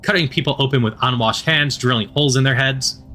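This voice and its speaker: Male reader as sour woman doctor, scornful, forceful tone. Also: medium pitch, a little fast, faint music behind, natural voice. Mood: disdainful. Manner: clipped and disdainful. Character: bitter, scowling woman scientist-doctor.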